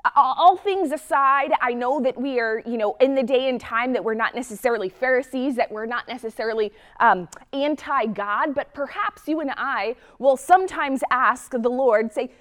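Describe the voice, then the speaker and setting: A woman's voice: high-pitched, moderate pace, fairly bright tone. A woman preacher giving a sermon, earnest and reflective, often asking the listener rhetorical questions.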